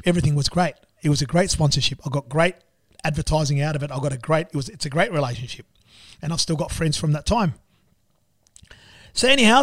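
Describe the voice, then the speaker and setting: Animated Australian man telling a story. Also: a little high, no room sound, clean studio sound. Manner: animated, repetitive, acts out dialogue. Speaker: business owner and club sponsor. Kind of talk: storytelling in conversation.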